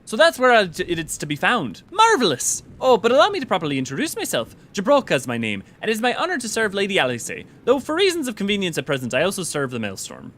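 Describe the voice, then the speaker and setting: A man putting on a high, courtly male retainer. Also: wildly swooping pitch, quick pace, hardly any pauses, a bit bright, full character voice. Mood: courteous.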